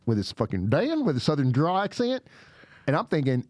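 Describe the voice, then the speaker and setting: A man in his forties telling a story on a podcast, animated and cursing, acting out the voices of the people in it. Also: medium pitch, a little fast, no room sound. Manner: animated, swears a lot, acts out quoted voices. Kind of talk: casual storytelling. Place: podcast studio.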